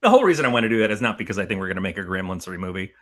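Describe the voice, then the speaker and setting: A middle-aged man co-hosting a horror movie podcast in casual chat, animated and profane, rambling through his points. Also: deep voice, racing. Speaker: podcast co-host.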